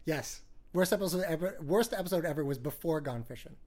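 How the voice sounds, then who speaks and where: A man co-hosting a podcast in casual chat, easygoing and quick to laugh. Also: on the high side, lively intonation, a little mellow. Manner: laughs often, easygoing banter. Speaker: podcast co-host.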